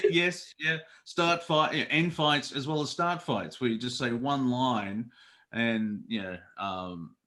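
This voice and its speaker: A man's voice: medium pitch, slow, fairly bright tone. Chatty man who laughs at his own stories. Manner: rambling, laughs often, trails off mid-sentence. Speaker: guest. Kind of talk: casual chat.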